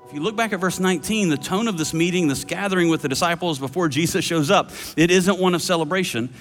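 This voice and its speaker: A man preaching a sermon, conversational, often asking the listeners questions and slowing down for emphasis. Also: high voice, a bit bright, big-room sound, faint music behind. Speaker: pastor and podcast host.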